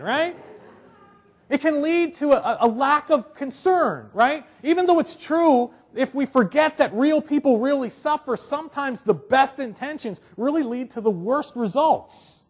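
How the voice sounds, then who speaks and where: A man's voice: very high-pitched, lively intonation, normal speed. A man preaching a sermon in a conversational way, acting out little quotes and often asking "right?". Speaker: pastor.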